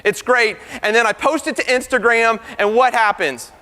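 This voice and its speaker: A computer science professor giving an animated debate speech, firing rhetorical questions at the crowd. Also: male voice, extremely high pitch, normal speed. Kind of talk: lively debate speech to an audience. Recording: reverberant hall.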